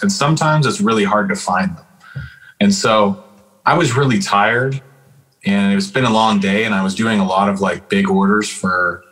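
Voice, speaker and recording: A man's voice: fairly low pitch, a bit bright, low-quality recording. A man from Calgary co-hosting a casual hip-hop podcast, rambling through stories with lots of "like" and "dude". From Calgary, Canada. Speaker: podcast co-host and rapper. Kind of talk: casual chat.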